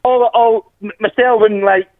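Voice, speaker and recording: A Glaswegian man talks in a high register, rambling and restarting as he laughs through his stories. His voice comes through a narrow, phone-like line with no room sound around it. The chat is loose and casual. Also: steady tone, normal speed, no room sound. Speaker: guest fan.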